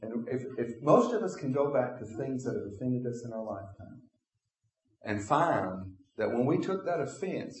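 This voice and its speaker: A man's voice: medium pitch, echoey room. A man preaching a sermon as pastor, acting out imagined conversations with his congregation. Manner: acts out imagined dialogues with congregation.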